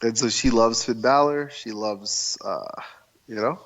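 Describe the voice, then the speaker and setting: A man's voice: medium pitch, a little slow, a bit bright, slight background noise, poor audio. A man co-hosting a podcast in casual, teasing chat.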